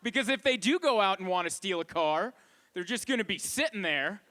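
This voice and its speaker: Lively high-voiced stand-up man. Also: a little fast. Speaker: stand-up comedian. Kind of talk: stand-up set.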